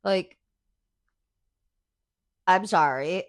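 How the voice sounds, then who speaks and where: Host: woman, low voice, dry close sound, swears freely, gushing fan chatter. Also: drawn-out words, no echo. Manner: chatty, profane, enthusiastic fan talk with many "like"s. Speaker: podcast host. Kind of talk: casual chat.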